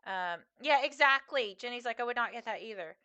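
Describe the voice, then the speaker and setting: A woman's voice: fairly high pitch, lively intonation, fairly quick, sharp tone, clean tone, no echo. A young woman streamer chatting casually with her viewers while she plays, rambling with frequent fillers and laughs. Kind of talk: casual live-stream chat while gaming.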